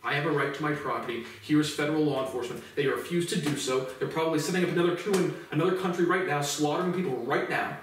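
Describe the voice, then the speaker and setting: A man's voice: on the high side, quick pace, few pauses, a little hiss or hum. A man in his twenties ranting angrily on his own, swearing a lot and stumbling over restarts as he talks. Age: 20s. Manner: profane, heated, repetitive restarts. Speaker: vlogger. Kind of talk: angry monologue rant. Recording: very echoey room, voice far from mic.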